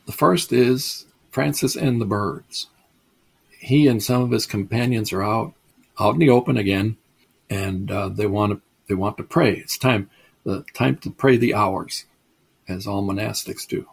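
Gravelly, husky male storyteller-lecturer. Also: on the low side, a little slow. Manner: chatty and digressive, chuckles at the stories. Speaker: lecturer on mysticism.

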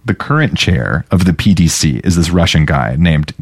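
Low-voiced man, rambling podcast recap. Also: expressive, normal speed, dry recording. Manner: rambling, many "like" fillers. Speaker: podcast co-host. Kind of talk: casual chat retelling a book.

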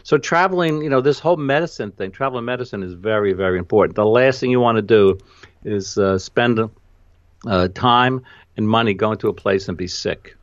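A man's voice: lowish voice, a little fast, no room sound, dull audio. A man with a New York accent hosting a podcast, chatting casually and laughing easily with lots of "you know" fillers over a video call. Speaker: podcast host and photographer. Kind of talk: casual conversation.

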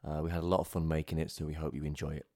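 A man's voice: very deep voice, little pitch movement, racing, dark tone. A man co-hosting in upbeat, chatty banter. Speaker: co-host. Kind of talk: casual banter.

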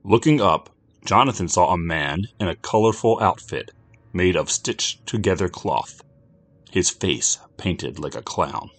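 A man giving scripted narration of a dark story in an expressive, storytelling manner. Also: low voice, a little slow, husky.

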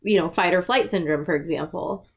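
A woman co-hosting a casual book discussion podcast, animated and joking with sarcastic asides. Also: fairly low pitch, brisk, vocal fry, dull audio.

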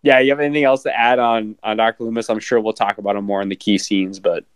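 A man's voice: fairly low pitch, steady tone, fast, smooth, no echo. A man co-hosting a podcast who chats casually about a film, stammering, repeating words and swearing freely. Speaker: podcast co-host. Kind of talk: casual film review chat.

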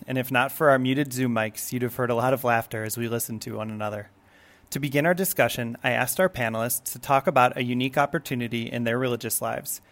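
Male host, mid-pitched, reading a scripted podcast introduction in a measured, formal way. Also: fairly bright tone.

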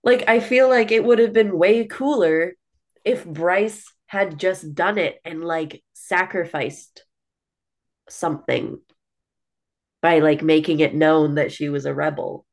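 Woman, podcast co-host, casual book chat, blunt, lowish voice. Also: slow. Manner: blunt, frequent "like", swears casually.

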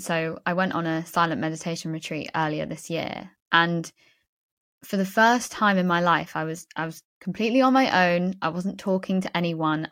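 A woman with a slightly low voice hosts a podcast interview. She speaks in a reflective, thoughtful way and shares personal insights with her guest. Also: a bit bright. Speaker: podcast host.

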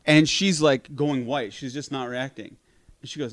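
A man telling a long story in casual conversation, animated, swearing freely and laughing at his own account. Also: medium pitch, normal speed, dry recording.

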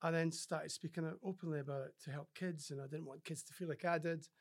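Talking fast in a fairly high, steady voice, a Scottish ex-rugby player swaps stories as a guest on a podcast. It's relaxed interview chat in which he acts out other people's words, frequently starting sentences over and leaning on filler words.

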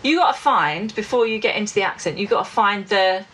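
A woman's voice: mid-range voice, animated, a little fast, fairly bright tone, rough recording. A woman from North East England, a voice coach guesting on a podcast, chatting in a bubbly way and demonstrating sounds as she explains. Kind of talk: lively podcast chat.

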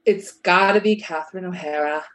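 A woman's voice: lowish voice, moderate pace. A woman guesting on a podcast, chatting casually and giggling often. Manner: giggly, easygoing. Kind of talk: casual chat.

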